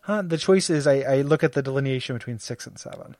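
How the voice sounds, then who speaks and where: A man's voice: mid-range voice, fast, a little mellow. A man co-hosting a casual podcast about a video game, rambling with lots of fillers and restarts and laughing often. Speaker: podcast co-host. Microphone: studio microphone.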